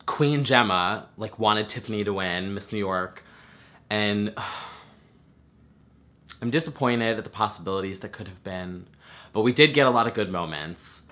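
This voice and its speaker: Man, low-ish voice, bright tone, casual rant, swears a lot, chatty. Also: unhurried, long pauses. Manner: chatty, swears freely, lots of fillers. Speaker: vlogger.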